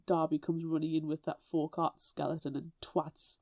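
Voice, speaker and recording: A woman's voice: low-pitched, flat delivery, moderate pace, darkish tone, a little hiss or hum. A woman co-hosting a book podcast, chatty and blunt, laughing often. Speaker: podcast co-host. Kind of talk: casual chat.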